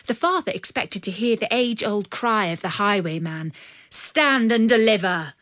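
A woman reading a storybook aloud in a measured, expressive way. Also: mid-range voice, dry recording, studio quality. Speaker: narrator. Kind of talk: storybook narration.

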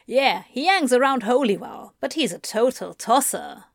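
A woman's voice: a little high, expressive, moderate pace, creaky, dry recording, clean studio sound, voice pushed up. A woman voicing a grumpy, blunt male demon who drawls coolly and swears. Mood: dry.

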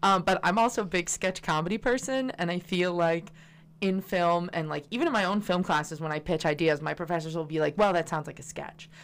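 A woman's voice: on the low side, brisk. A young woman student guest on a film podcast, chatty and loose, filling her talk with likes and ums. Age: young adult. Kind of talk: casual film chat.

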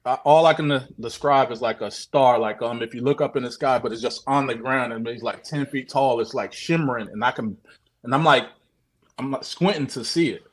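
Man, guest on a call, casual storytelling, animated, curses a lot, repeats himself. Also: medium pitch, fairly quick, breathy edge. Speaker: guest sharing a sighting story.

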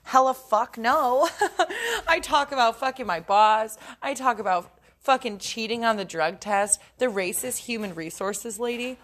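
A woman's voice: a little high, expressive, moderate pace, a bit bright. Giggly, foul-mouthed woman podcast host. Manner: profane, giggly, frank and joking. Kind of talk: casual solo podcast monologue.

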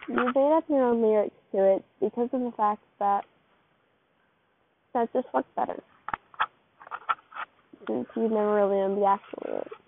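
A woman's voice: a little high, normal speed, vocal fry, pauses often, background noise. A woman casually reading a second-person fan fiction story aloud, with a loose, rambling delivery full of slips and restarts. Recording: tinny, phone-like dry recording.

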